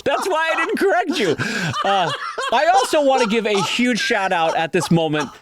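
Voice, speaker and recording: A man's voice: very high-pitched, big pitch swings, normal speed, very noisy. A middle-aged man co-hosting a podcast, teasing his partner and then explaining at length in casual banter. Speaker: podcast co-host.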